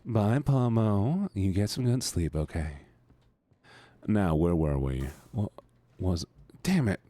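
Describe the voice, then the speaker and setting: A man streaming live, chatting casually with his audience in an excitable, playful, teasing way. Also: deep voice, slow pace, no echo.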